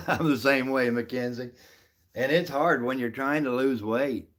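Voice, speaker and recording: A middle-aged man hosting a live stream reads the chat and answers viewers by name in a folksy, easygoing way. His medium-pitched voice is unhurried and a bit bright.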